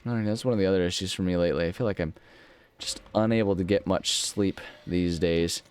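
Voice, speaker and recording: A man with a somewhat low voice gives casual commentary while he plays a game. He rambles and mocks himself, and drifts into little nonsense tunes between thoughts. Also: steady tone, fairly quick, darkish tone, clear, resonant tone. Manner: rambling, self-mocking, sings nonsense syllables. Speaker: gaming channel host.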